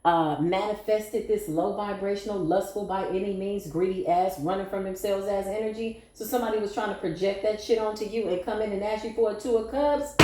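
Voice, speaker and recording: A woman reads tarot for a collective audience in a sassy, blunt, playful way, with some swearing. Her voice sits at an ordinary middle pitch. The room around her rings with noticeable echo. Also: fairly quick, few pauses, dark tone. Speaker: tarot reader.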